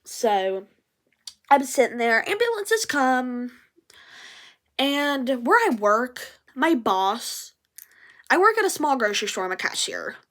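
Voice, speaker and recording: A young adult woman telling a story in a casual vlog, animated, swearing and acting out what people said. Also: high voice, slow pace, long pauses. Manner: animated, swears, acts out quotes.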